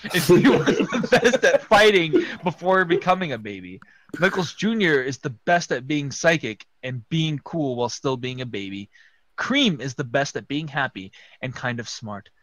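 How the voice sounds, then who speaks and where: Man reading a story aloud, bright and lively. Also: fairly high pitch, normal speed, no echo. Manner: reads aloud, cracks up laughing, jumps into loud character voices. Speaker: reader of a fan story. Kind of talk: comedic dramatic reading.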